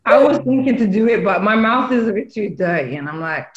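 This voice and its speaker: A playful British woman joins a podcast as a guest, joking around at a quick clip. Her voice sounds roomy and a bit dull, like a lo-fi remote recording. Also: medium pitch, lively intonation. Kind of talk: casual chat.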